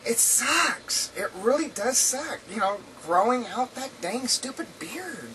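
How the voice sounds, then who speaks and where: A woman's voice: a little high, expressive, takes it slowly, bright, forceful tone, far from the mic, slight background noise, low-quality recording. A woman chatting casually in a rambling video diary from home, laughing often, her throat dry and sore. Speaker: vlogger. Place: indoors at home.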